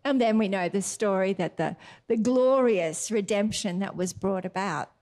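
A woman's voice: medium pitch, moderate pace. A woman preaching a sermon, retelling a story expressively and then reading scripture aloud. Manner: animated, expressive storyteller, laughs often.

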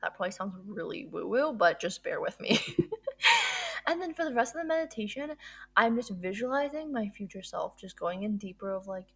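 A woman's voice: mid-range voice, expressive, fairly quick, creaky, breathy edge. A woman hosting a podcast, talking through her routine in a casual solo monologue, upbeat and gushing, with lots of fillers. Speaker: podcast host.

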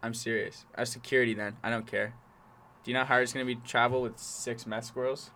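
Bright-voiced crude guy. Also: mid-range voice, level tone, fast talker, a little hiss or hum. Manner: crude, laughing, rambling storyteller. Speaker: podcast co-host. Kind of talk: casual chat.

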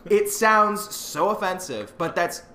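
A man's voice: sits high, animated, takes it slowly, sharp tone. A young man co-hosting a casual podcast, rambling and joking with restarts. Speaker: podcast co-host.

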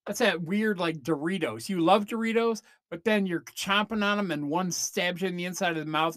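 A man's voice: sits high, a little fast, few pauses, fairly bright tone, no echo, clean studio sound. Rambling comic man ranting on a podcast. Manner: rambling, self-interrupting rant with mock voices. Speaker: podcast host. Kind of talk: comedic monologue.

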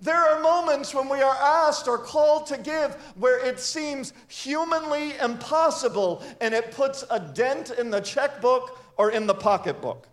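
A man's voice: very high-pitched, measured pace, few pauses. A man, a pastor, preaching a sermon in an earnest, conversational way, mixing scripture with personal stories. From grew up in a church with many missions givers.

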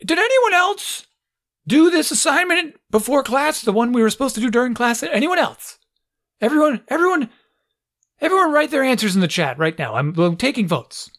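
A parent putting on a shrill, barking schoolteacher woman. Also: big pitch swings, normal speed, a bit bright. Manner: barking, repeating names, demanding. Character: shrill bossy female online schoolteacher.

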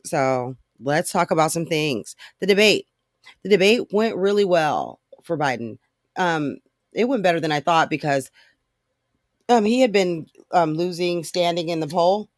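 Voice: medium pitch, no room sound, clean studio sound. A podcast host ranting alone in blunt, profane, frustrated talk full of fillers. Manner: fast talker. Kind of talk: casual solo rant.

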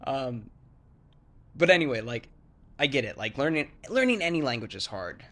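Give me a chatty man with a bright, forceful voice who rambles with many fillers. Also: mid-range voice, very animated, a little fast. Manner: acts out word sounds to demonstrate. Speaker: English-speaking foreigner explaining Thai sounds. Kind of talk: casual chat.

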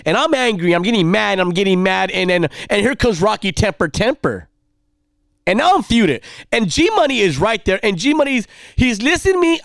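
A man telling a rambling personal story in a casual way. He repeats himself and gets louder and more heated as the story builds. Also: high voice, creaky, no echo, clean studio sound. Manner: rambling, animated, repeats himself, heats up when recounting anger.

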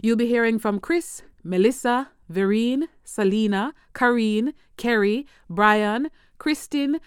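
A woman's voice: on the high side, slow, clean tone, dry recording, studio quality. A woman from Jamaica hosting a podcast, giving upbeat, conversational, scripted explanations. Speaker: podcast host.

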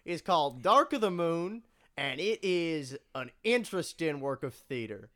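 A man's voice: a little high, very animated, a little slow, sharp tone. A teenage boy co-hosting a casual podcast, dropping dry, wry quips. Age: teens. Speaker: podcast co-host. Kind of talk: casual chat.

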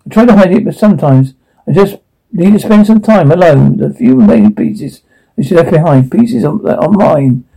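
A man's voice: fairly high pitch, expressive, moderate pace, creaky, mellow, slightly rough, exaggerated voice, low-quality recording. A man playing an evasive middle-aged dad. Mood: defensive. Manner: defensive, deflecting. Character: evasive middle-aged father hiding secrets.

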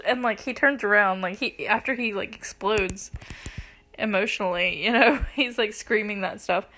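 A woman's voice: mid-range voice, moderate pace, fairly bright tone. A young woman casually recapping a movie scene by scene, chatty and gushing, filling her talk with "like" and laughing between lines, close to tears. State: teary, close to crying. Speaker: movie reviewer.

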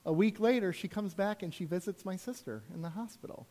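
A man's voice: high-pitched, brisk, a little mellow. A man preaching a sermon as a pastor, telling personal stories in a conversational way with frequent asides to the congregation.

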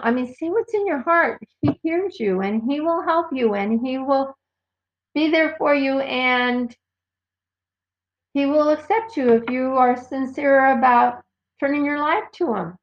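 A woman's voice: sits high, a little slow. A woman giving informal Bible teaching, earnestly reading verses aloud and citing their references. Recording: dull lo-fi recording.

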